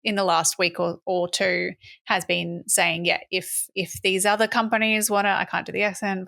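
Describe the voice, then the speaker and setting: A woman's voice: fairly low pitch, little pitch movement, moderate pace, gravelly, a bit bright, no room sound, clean studio sound. A young woman co-hosting a casual political podcast, chatty, laughing often and swearing now and then. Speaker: podcast co-host.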